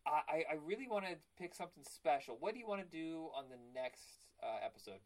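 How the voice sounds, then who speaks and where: Rambling fairly high-voiced male host. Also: big pitch swings, fast, poor audio. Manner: rambling, stumbles on words, laughs often. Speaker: podcast host. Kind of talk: casual chat.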